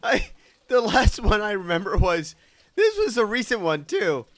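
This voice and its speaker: Bright-voiced, lively podcast host man. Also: high-pitched, normal speed. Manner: swears freely, animated storytelling. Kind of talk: casual chat.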